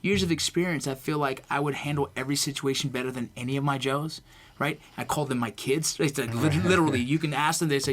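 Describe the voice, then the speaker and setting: A man's voice: medium pitch, fast talker. A man in casual podcast conversation, telling stories intensely and swearing freely. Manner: intense, profane, animated storytelling. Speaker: guest, veteran turned actor. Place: Los Angeles.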